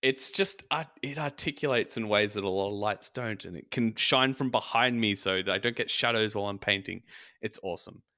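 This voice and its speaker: A man's voice: on the low side, a little fast, sharp tone. A man, co-hosting a podcast in casual chat, joking and laughing often. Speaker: podcast co-host.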